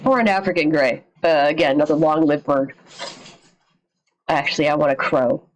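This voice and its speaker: A slightly low-voiced woman streams from her home setup and reacts out loud. She chats casually, swears freely and drops sarcastic asides. Her voice comes through a desk mic. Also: moderate pace, low-quality recording.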